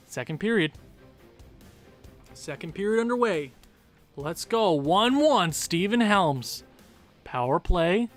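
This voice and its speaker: A man commentating his own hockey video game stream live, groaning and cheering at each goal, his voice wearing out. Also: on the high side. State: losing his voice. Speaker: gaming streamer.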